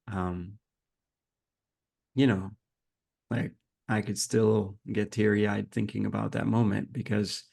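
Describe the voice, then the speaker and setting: A man's voice: on the low side, takes it slowly, vocal fry, long pauses, slightly rough. A man, a podcast guest, earnestly telling a reflective personal story and acting out the dialogue. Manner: earnest, reflective, animated when retelling dialogue.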